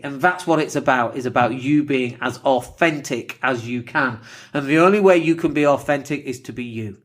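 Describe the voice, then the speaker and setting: A man's voice: medium pitch, moderate pace. A man with a northern English accent and a slight lisp, hosting a casual solo podcast, blunt and swearing freely. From northern England. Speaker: podcast host.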